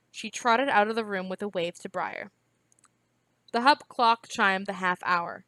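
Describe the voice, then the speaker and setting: A woman reading a novel aloud in a steady, even storytelling manner. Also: medium pitch, unhurried, no echo. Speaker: reader.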